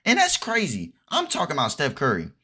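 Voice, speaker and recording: A man's voice: a little high, huge pitch swings, brisk, pushed and bright, breathy edge. A young man in a heated, repetitive commentary rant for his vlog, restarting his sentences often. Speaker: vlogger.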